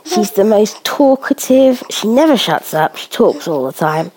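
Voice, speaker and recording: A woman vlogging casually while spoon-feeding a baby, cooing in baby talk and often dropping to a soft whisper. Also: medium pitch, big pitch swings, measured pace, a crowd in the background.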